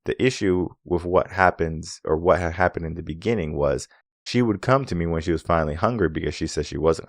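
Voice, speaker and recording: A man's voice: deep voice, dry recording, studio quality. A man coaching listeners on relationships in a solo talk. He makes his points with rhetorical questions and acts out bits of dialogue. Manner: acts out quoted dialogue in an animated way.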